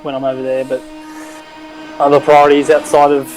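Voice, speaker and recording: A man's voice: a little high, monotone, fairly quick, darkish tone, faint music behind, rough recording. A man chatting casually and joking about stepping back from online racing. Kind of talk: casual chat.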